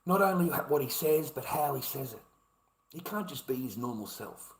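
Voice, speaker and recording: A man's voice: medium pitch, lively intonation, moderate pace, echoey room, low-quality recording. An older Australian man ranting in an aggrieved, swearing, repetitive vlog monologue.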